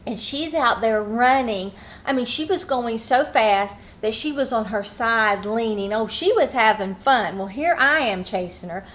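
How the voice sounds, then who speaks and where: A woman's voice: on the high side, animated, unhurried. Chatty woman vlogger on a phone. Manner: warm, rambling, chatty. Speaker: craft vlogger. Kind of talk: casual chatty narration.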